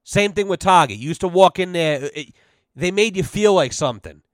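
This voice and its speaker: A young man hosts a podcast, launching into a casual comedic rant that is rambling, profane and sarcastic, peppered with "you know". His voice is high and animated at normal speed, with a dry, clean studio sound.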